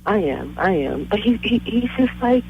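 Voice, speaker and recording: A woman's voice: medium pitch, big pitch swings, normal speed, vocal fry, very noisy. A woman in her thirties calling a radio show from her cell phone, talking hesitantly with many fillers. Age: 30s. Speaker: caller. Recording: muffled phone line.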